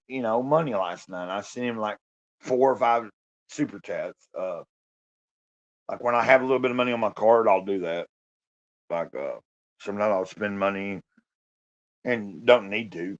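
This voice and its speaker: A man vlogs in a casual, meandering monologue with a mid-range voice and lo-fi sound. He uses lots of fillers and the odd swear word.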